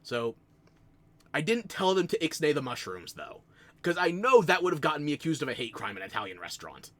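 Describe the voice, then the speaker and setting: A man's voice: on the high side, very animated, fairly quick, a bit bright. A man from the United States with a New Jersey accent, chatting casually on a stream and telling self-mocking stories with frequent laughs.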